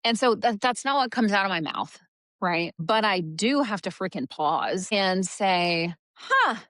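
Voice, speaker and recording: A woman's voice: mid-range voice, measured pace, a bit bright, no echo, studio quality. A middle-aged woman co-hosting a casual parenting podcast, chatty and quoting herself in a sing-song voice. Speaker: podcast co-host.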